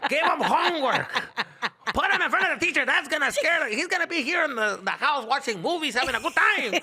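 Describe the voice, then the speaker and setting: A man voicing his stern, scolding father in a loud, mocking voice. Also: extremely high pitch, expressive, quick pace, pitched above the performer's own voice, heavily acted. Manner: shouting, mocking strictness.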